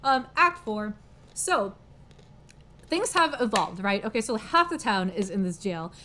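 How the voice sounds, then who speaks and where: Casual woman co-host, chatty recap with lots of fillers, medium pitch. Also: sing-song, unhurried, sharp tone, slight background noise. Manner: chatty, heavy "like" and "um" fillers, laughs often. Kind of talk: casual plot summary.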